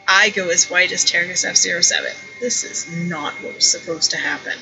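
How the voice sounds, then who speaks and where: A woman's voice: lowish voice, moderate pace, vocal fry, few pauses, over music, rough recording. A woman reading an interactive story game aloud, wry and playful, commenting as she reads. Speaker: streamer playing an interactive story.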